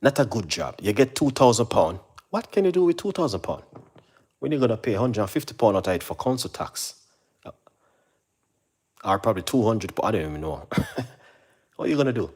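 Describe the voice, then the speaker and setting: A man's voice: lively intonation, brisk, pauses often, a little mellow, breathy edge. A man speaks casually to his audience. He is earnest and repetitive, circling back with "you know what I mean" as he encourages them. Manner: mimics receptionists in a higher voice. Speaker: channel host. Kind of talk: casual motivational talk to camera.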